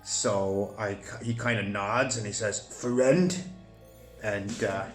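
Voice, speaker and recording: A man narrating a solo tabletop game, thinking aloud with many pauses and fillers. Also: on the low side, little pitch movement, fairly bright tone, echoey room, faint music behind.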